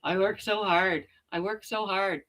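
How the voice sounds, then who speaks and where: A woman's voice: medium pitch, measured pace, a bit bright, natural voice, low-quality recording. A woman doing a mocking impression of a whiny woman who keeps repeating how hard she works. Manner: mocking, repetitive.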